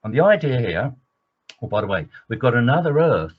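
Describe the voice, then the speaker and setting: An engineering trainer delivers a webinar lecture in a husky, sing-song, medium-pitched voice, going a little fast. He's enthusiastic, digressive and full of fillers, captured in dull lo-fi webinar audio.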